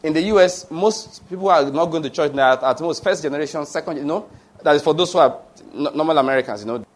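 A male preacher with a somewhat high-pitched voice. He preaches in an emphatic, digressive way, throwing questions to the congregation and answering them himself. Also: quick pace. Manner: digressive, with restarts and fillers. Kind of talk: sermon.

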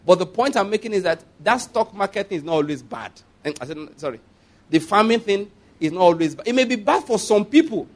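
A high-pitched man with a Nigerian accent preaches a sermon conversationally, asking the congregation for responses and laughing at his own asides.

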